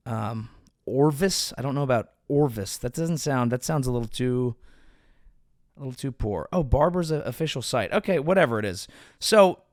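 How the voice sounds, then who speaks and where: A male comedian hosting his show, riffing sarcastically in a rambling, animated way with sudden pitch jumps. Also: no room sound, clean studio sound. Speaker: comedian podcast host. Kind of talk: casual comedic commentary.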